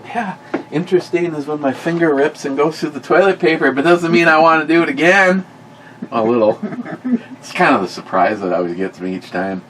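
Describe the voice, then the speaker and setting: A man's voice: fairly high pitch, a little fast, poor audio. Rambling storytelling man, faint noise. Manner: rambling, self-correcting, animated when quoting. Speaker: podcast co-host. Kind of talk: casual storytelling chat.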